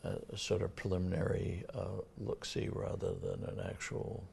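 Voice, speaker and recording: Sitting low with little pitch movement, this older Massachusetts-accented man has a gravelly, darkish voice with a breathy edge. A town administrator, he talks in a casual local TV interview, halting often with many fillers and restarts.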